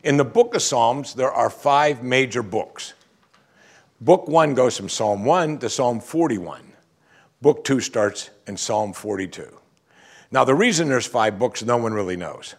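Animated middle-aged male preacher. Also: medium pitch, husky. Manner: animated preaching, swinging between emphatic and hushed. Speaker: pastor. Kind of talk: sermon.

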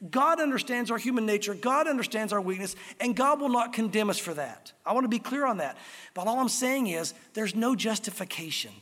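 A male pastor delivering a sermon in an earnest, direct way, repeating key lines for emphasis. His voice sits high for a man. The sound carries a long reverb, as in a church hall. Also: expressive, a little fast, fairly bright tone.

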